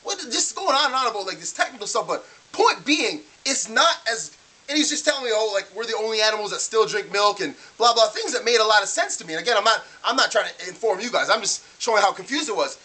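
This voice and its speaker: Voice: mid-range voice, animated, fast talker, sharp tone. A vlogger ranting casually and in disbelief, acting out their own past remarks in quotes. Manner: exasperated, incredulous ranting. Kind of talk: casual ranting vlog monologue.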